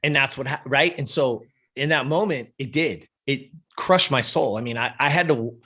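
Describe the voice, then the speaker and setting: A man in his fifties telling a personal story in an interview, animated and profane, often checking in with "you know" and "right". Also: medium pitch, moderate pace, slightly rough. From US West Coast. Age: 50s. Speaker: interview guest.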